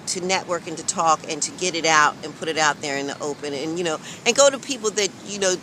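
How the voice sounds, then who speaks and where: A woman with a somewhat low voice chats candidly to her viewers, frank and emphatic. She speaks outdoors on a city street early in the morning. Clear traffic rumble runs under her voice. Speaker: vlogger. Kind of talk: candid weight-loss vlog chat.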